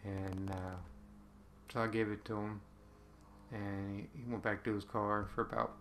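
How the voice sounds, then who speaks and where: A man's voice: on the low side, little pitch movement, unhurried, fairly bright tone, a little hiss or hum. A man casually telling a personal story to camera, rambling with lots of ums and uhs.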